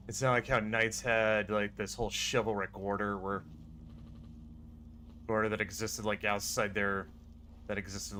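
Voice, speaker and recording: A man co-hosting a casual chat, halting and restarting his sentences. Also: lowish voice, bright, forceful tone, a little hiss or hum. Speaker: podcast co-host.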